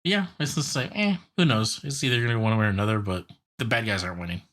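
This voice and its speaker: A man's voice: on the low side, expressive, racing, sharp tone. A young man co-hosting a casual podcast, animatedly retelling a cartoon episode with lots of filler words. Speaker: podcast co-host.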